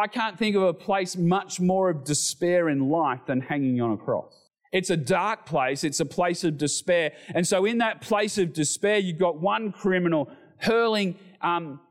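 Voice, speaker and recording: Middle-aged guy pastor preaching, kinda high voice, really animated, does the voices from the bible bits. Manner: animated preaching, acts out scripture voices, rising loud at high points. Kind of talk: sermon.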